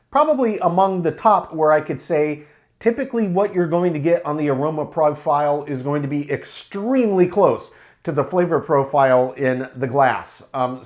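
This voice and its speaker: A man reviewing a beer to camera in a relaxed, explanatory way, with frequent fillers. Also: a little high.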